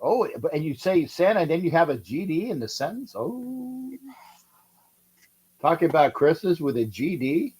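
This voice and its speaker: A man's voice: on the high side, expressive, brisk, few pauses, darkish tone, husky. A man hosting a casual live stream with fans, profane and rambling, often repeating himself. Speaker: host of a sports fan live stream.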